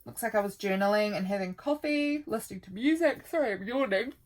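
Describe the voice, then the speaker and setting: A woman's voice: mid-range voice, expressive, fairly quick. A woman, casually chatting and rambling as she flips through her calendar, with lots of ums. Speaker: vlogger.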